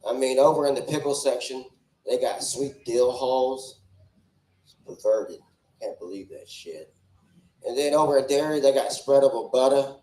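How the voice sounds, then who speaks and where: A man in his forties, mid-range in pitch, warm in tone, and fairly quick, performs rambling, crude, brash stand-up comedy at an open mic. The setting is a small comedy club stage, captured through a handheld stage microphone with roomy sound.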